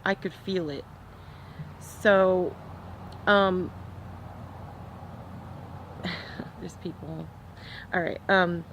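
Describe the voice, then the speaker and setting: A woman vlogger telling a personal story to her viewers in a soft, reflective way, pausing often with fillers. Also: mid-range voice, slight background noise.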